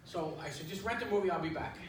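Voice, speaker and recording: High-voiced man doing stand-up, echoey club. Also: quick pace. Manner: conversational storytelling with lots of filler words. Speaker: stand-up comedian. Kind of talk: stand-up comedy set. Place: club stage with an audience. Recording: echoey room, distant mic, audience noise. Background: audience laughter.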